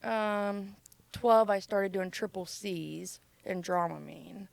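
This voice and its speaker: A woman's voice: mid-range voice, fairly even intonation, slow pace, gravelly. A young adult woman from Ohio, a podcast guest telling her life story candidly and casually, swearing freely and acting out quotes.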